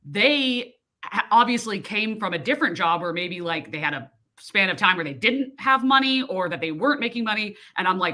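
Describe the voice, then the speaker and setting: Woman on a video call chatting about work, super lively and bright, acts out everybody. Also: mid-range voice, a little fast. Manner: animated storyteller, acts out quoted people. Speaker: co-host of a reading sprint livestream. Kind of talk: casual chat.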